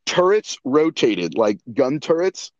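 A man's voice: medium pitch, slow pace, lo-fi sound, a crowd in the background. A young man on a podcast, telling stories in casual chat and breaking into laughter as he goes. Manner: animated, laughing storyteller. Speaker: podcast guest.

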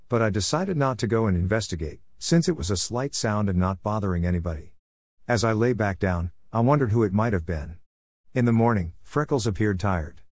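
A man reading a story aloud in a steady, even manner, as an audiobook narrator. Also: lowish voice, no echo, studio quality. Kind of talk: scripted narration.

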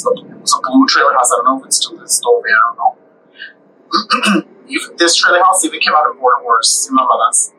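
A man's voice: mid-range voice, pushed and bright, rough recording. A man tells a story casually as a podcast host, rambling and dropping in Spanish phrases. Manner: rambling, mixes in Spanish phrases, laughs often.

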